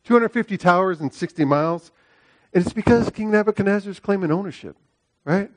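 A middle-aged male preacher speaks a little fast, emphatically repeating phrases and asking "right?" often. His sermon moves between loud, high-pitched exhortation and hushed storytelling, in a dry, close recording without room echo.

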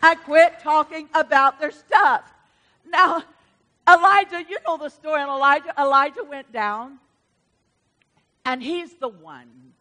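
High, bright-voiced woman preacher. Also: a little slow, pauses often. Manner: animated, emphatic storytelling. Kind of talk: sermon.

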